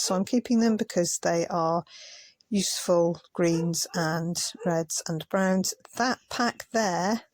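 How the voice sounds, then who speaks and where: A woman's voice: on the low side, darkish tone, dry recording. A tired woman chatting casually as a craft vlogger, muttering asides as she sorts things. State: tired, yawning. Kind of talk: casual commentary over sped-up footage.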